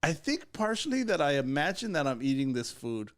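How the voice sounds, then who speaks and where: A man's voice: fairly high pitch, sing-song, a little fast. A man co-hosting a podcast, chatting casually with crude jokes and frequent laughter. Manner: joking, laughs often, crude humor. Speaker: podcast co-host. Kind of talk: casual chat.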